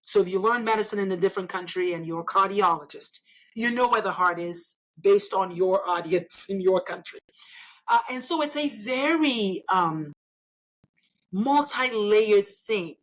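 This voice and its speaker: A woman's voice: mid-range voice, normal speed, low-quality recording. Woman, interview guest, emphatic and persuasive delivery. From Nigeria. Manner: emphatic, persuasive, often tags points with "right?". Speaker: interview guest, engineer and elected official. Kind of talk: conversational interview.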